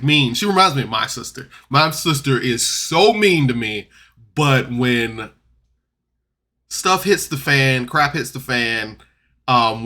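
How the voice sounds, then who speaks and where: A man recapping a tabletop game podcast episode in a loose, rambling way, jumping between loud outbursts and mumbled asides. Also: medium pitch. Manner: rambling, loose, full of "like" and restarts. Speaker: podcast reviewer. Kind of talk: casual recap and commentary.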